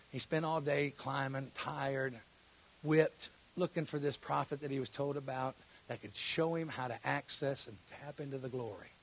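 A man preaching a sermon, telling a story and then building to loud, shouted exhortation before a church congregation. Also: on the high side, creaky, breathy edge. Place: church hall.

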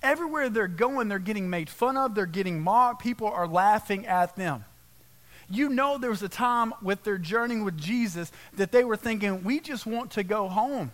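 High-voiced preacher, casual and direct. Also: male voice, expressive, normal speed, a bit bright. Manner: casual and direct, peppered with rhetorical questions. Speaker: pastor. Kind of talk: conversational sermon. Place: church service.

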